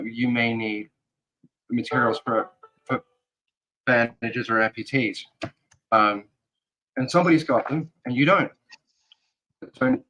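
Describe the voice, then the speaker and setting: Halting, earnest male interview guest. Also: medium pitch, a bit bright, slight background noise, rough recording. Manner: halting, earnest, thinks aloud in fragments. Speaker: guest, security advisor. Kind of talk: casual interview talk.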